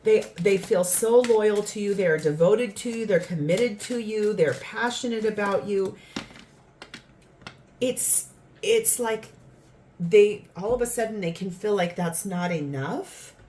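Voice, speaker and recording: A woman gives a spoken tarot reading, earnest and rambling, sometimes acting out lines people say. Her medium-pitched voice is mellow and measured, with slight background noise.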